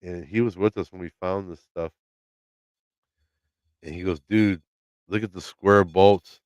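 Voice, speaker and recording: A man with a very low, smooth voice chats on a live stream from his home. He tells a story loosely, swears freely and acts out what people said. The sound is close and dry but a bit dull. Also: steady tone, measured pace, dry recording. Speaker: livestream host. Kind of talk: casual live-stream chat. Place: home, by his laundry room.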